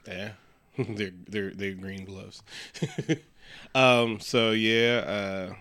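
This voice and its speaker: A man co-hosting a casual podcast, retelling a movie scene by scene in an animated way and slipping into voices for the characters. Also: fairly low pitch, drawn-out words, no echo. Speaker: podcast co-host. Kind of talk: casual movie recap chat.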